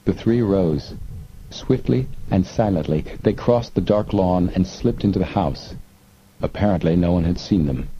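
A man reading an adventure novel aloud in measured, suspenseful narration. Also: low voice, warm tone. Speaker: audiobook narrator. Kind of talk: scripted narration. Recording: muffled lo-fi with faint hiss.

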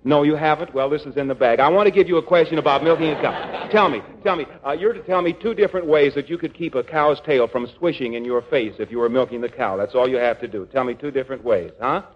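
A man hosting a live radio quiz in the 1940s, trading quick playful ad-libs with contestants. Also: mid-range voice, slight background noise. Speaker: quiz master and comedian. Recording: dull lo-fi 1940s radio broadcast.

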